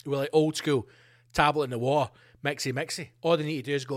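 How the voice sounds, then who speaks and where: A man hosting a podcast, ranting comedically with plenty of swearing and animated asides. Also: on the high side, fast talker. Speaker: podcast host. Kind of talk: comedic rant.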